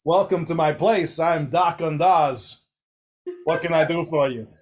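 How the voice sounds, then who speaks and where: A brash, loud male droid translator speaking for a wealthy alien, delivered as a street-wise celebrity-style impression, as a man puts it on. The voice sits a little high and pushes forward with swagger. It is a tabletop game voice, theatrical but still plainly human underneath. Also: a little slow, natural voice. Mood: welcoming.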